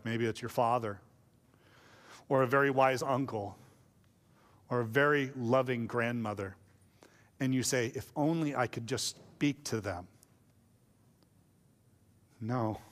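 A man's voice: medium pitch, a bit bright. Casual joking preacher man in reverberant hall. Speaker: pastor. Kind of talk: sermon.

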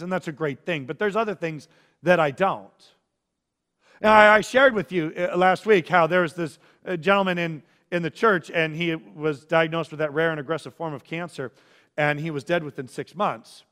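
A man's voice: fairly high pitch, normal speed, sharp tone, big-room sound. A man preaching a sermon as a pastor, earnest, acting out the feelings of the people he quotes.

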